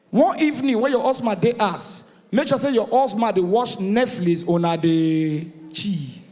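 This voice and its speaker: Nigerian guy doing stand-up, really high voice, yelling punchlines, big echoey hall. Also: measured pace. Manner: animated, shouting punchlines, acting out voices. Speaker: stand-up comedian. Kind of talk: stand-up comedy routine in Nigerian Pidgin English. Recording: live venue with long reverb.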